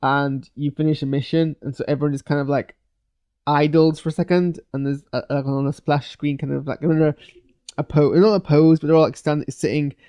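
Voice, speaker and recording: A man's voice: on the high side, little pitch movement, brisk, dark tone, clean tone. A man giving a rambling, casual live reaction to a show's finale, full of fillers and restarts. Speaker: show reviewer.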